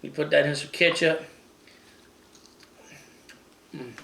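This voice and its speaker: A man's voice: high voice, moderate pace, heavy background noise. A middle-aged man hosting a casual home cooking demo, chatty and folksy, talking to viewers as guys. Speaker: cooking show host. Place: home kitchen.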